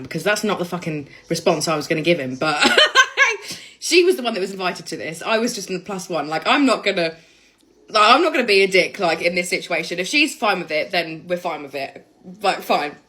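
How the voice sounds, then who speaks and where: Sweary, lively woman vlogger. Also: medium pitch, rough recording. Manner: sweary, laughs loudly and often. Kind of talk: casual storytelling to camera.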